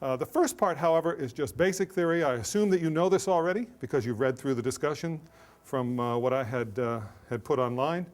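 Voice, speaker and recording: A middle-aged man giving an academic lecture, joking and self-deprecating, with brisk asides and anecdotes. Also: medium pitch, darkish tone.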